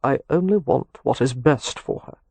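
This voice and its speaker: An audiobook narrator voicing a controlled, formal male doctor who speaks in measured murmurs. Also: medium pitch, vocal fry, darkish tone, husky, no room sound. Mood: cool.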